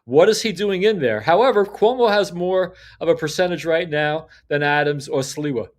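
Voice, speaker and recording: A man's voice: fairly high pitch, normal speed. An older man in his sixties hosting a solo political commentary show, rambling and opinionated with frequent restarts and fillers. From New York City. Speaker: podcast host.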